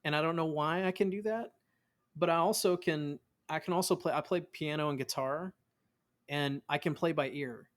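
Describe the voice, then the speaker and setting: A man in his thirties talks casually as a guest in an interview, his voice sitting a bit high for a man. He tells stories with energy and often stops to restart or repeat a word. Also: moderate pace. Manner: animated storyteller, acts out quotes of family; many restarts and repeated words. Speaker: voice actor guest.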